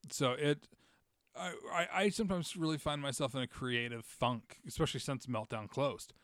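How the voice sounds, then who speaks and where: A man hosting a podcast in casual chat, talking fast with frequent stammers and restarts. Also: medium pitch, fairly bright tone, no echo, studio quality. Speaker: podcast host.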